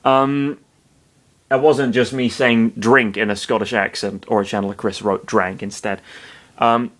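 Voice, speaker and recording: A man's voice: lowish voice, steady tone, a little slow, a bit bright. A man reading fan fiction aloud, breaking off for sarcastic, muttered asides full of swearing.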